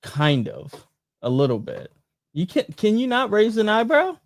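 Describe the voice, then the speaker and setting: A man co-hosting a podcast in casual chat, joking in a playful, deadpan way. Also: high voice, measured pace, no room sound. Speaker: podcast co-host.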